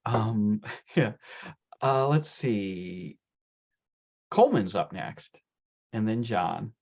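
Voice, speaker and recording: A man's voice: on the low side, very animated, drawn-out words, vocal fry, a little mellow, highs cut off. A man hosting a reading, praising pieces effusively with lots of swearing and fillers. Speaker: host. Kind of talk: casual chat.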